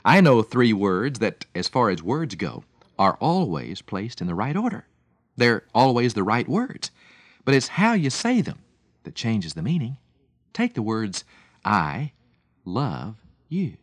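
Male radio devotional speaker, storytelling with big pitch swings, dry close mic. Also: no echo. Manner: storytelling, warm emphatic delivery with lively swings and chuckles.

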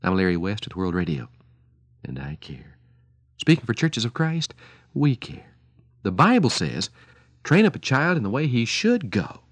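A man's voice: mid-range voice, sing-song, moderate pace, dry recording. A man preaching on the radio, telling stories in an earnest, pleading way and speaking to parents directly.

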